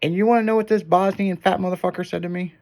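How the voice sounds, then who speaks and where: Profane, animated storytelling man. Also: sits high, quick pace, vocal fry. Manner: profane, animated storyteller who acts out quotes. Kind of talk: casual storytelling chat.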